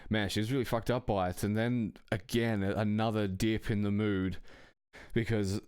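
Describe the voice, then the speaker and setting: A man's voice: on the low side, fairly even intonation, normal speed, darkish tone, clean tone, no echo, studio quality. A man telling a personal anecdote in a casual, rambling way, swearing often and chuckling between phrases. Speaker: storyteller.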